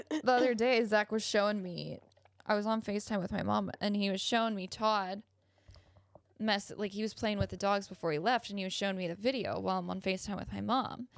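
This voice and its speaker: A young woman co-hosting a podcast, telling animated stories in casual chat, acting out quotes and swearing freely. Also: medium pitch, normal speed, vocal fry, dry recording, studio quality. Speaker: podcast co-host.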